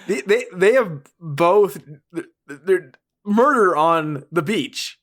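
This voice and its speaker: A man's voice: high-pitched, expressive, slow, a bit bright. A man co-hosting a podcast who riffs on a bad film in casual chat, with a sarcastic, mocking tone and frequent laughter. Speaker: podcast co-host.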